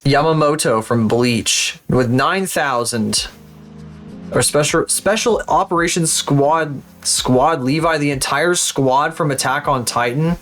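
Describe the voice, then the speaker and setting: A man's voice: on the high side, slow, fairly bright tone, faint music behind. A young man streaming live, commenting as he plays, swearing often and mumbling names aloud as he guesses.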